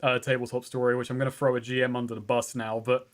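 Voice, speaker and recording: A let's play co-host chats casually over gameplay, rambling, poking fun at himself, and often laughing at his own stories. His mid-range voice stays fairly flat in pitch, and he talks fast.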